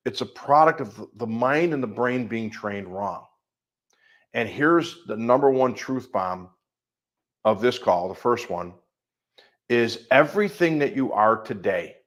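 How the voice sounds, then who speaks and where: A middle-aged man with a Midwestern American accent and a medium-pitched voice is working as a life coach on a coaching call. He speaks emphatically and stacks up long, repetitive lists.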